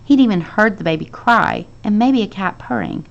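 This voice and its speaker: Woman teacher, storybook read-aloud, lively and expressive, low with some fry. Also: moderate pace, muffled recording. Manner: expressive reading with lively voiced dialogue. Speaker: teacher reading to her class. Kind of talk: reading a children's novel aloud.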